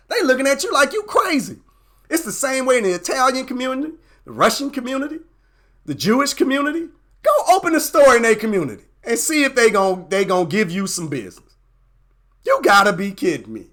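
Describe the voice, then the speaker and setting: Fired-up preaching man, high and lively. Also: brisk. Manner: fired-up, preaching, repetitive emphasis. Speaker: host. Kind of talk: impassioned motivational talk.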